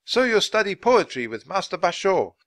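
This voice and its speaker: A stern samurai man, put on by a man reading aloud, speaking slowly and deliberately, his pitch still rising and falling with life. Close, dry sound with no room echo. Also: big pitch swings, fairly bright tone, exaggerated voice. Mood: questioning.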